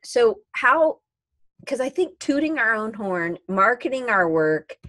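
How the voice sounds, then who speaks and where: A woman's voice: a little high, sing-song, measured pace, a bit bright, dry recording. A woman hosting a podcast interview, chatting casually and reading out listener questions. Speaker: podcast host.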